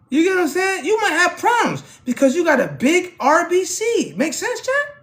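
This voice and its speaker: A man talking casually to his livestream chat, animated, often asking "you know what I'm saying" and jumping up in pitch when he acts out conversations. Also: moderate pace. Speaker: streamer.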